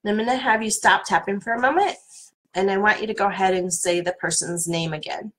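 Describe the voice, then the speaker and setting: A middle-aged woman coach leading a guided tapping workshop in a calm, soothing manner. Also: mid-range voice, a little fast, low-quality recording. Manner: calm, soothing guidance with playful repeated names.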